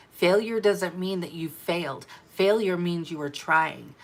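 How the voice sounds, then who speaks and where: A woman coaching her sales team in an energetic, emphatic talk, repeating her key phrases for effect. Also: fairly low pitch. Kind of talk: motivational business talk to camera.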